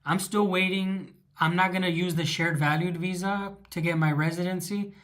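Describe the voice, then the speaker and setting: A Southern California man with a Chicano English accent, now living in Russia, hosts a casual livestream Q&A. His voice sits high with a fairly bright tone and fairly even intonation at normal speed. He rambles through viewers' questions, restarting sentences and saying um a lot.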